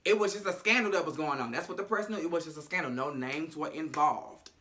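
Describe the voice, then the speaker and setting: A sassy man recaps a show in a casual vlog, dramatic and freely profane. His voice sits somewhat high and rings very bright and forward. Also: fast, a little hiss or hum.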